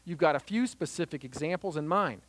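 A man's voice: on the high side, fairly quick, a little hiss or hum. A man giving an earnest, conversational Christian teaching on conflict in marriage, mixing advice with personal stories. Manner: earnest and lively, acts out little scenes.

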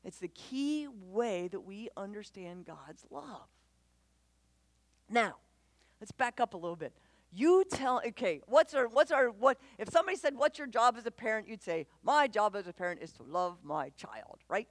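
A woman giving a conversational church talk on parenting, animated and quick to act out voices, often asking the audience questions. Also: mid-range voice, no echo. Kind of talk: conversational sermon.

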